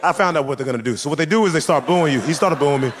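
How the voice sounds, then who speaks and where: Guy doing stand-up, kinda high voice, jumps into characters a lot, live club sound with crowd noise behind. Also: very fast. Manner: animated, acting out characters in the story. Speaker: stand-up comedian. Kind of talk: stand-up storytelling. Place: comedy stage before a live audience. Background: audience laughter and ambience.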